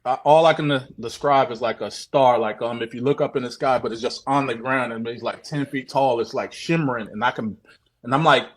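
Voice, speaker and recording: A man's voice: mid-range voice, fairly quick, a little hiss or hum. A man recounts a strange sighting in a loose, casual way. He swears freely, repeats himself, and jumps into the voices of the people in his story. He is heard over a video call. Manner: profane, repetitive, animated retelling. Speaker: guest sharing a sighting.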